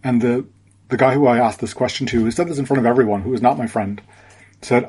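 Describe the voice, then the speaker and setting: A man guest on a podcast, telling a reflective story in a halting way, with many restarts. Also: medium pitch, a little mellow, breathy edge.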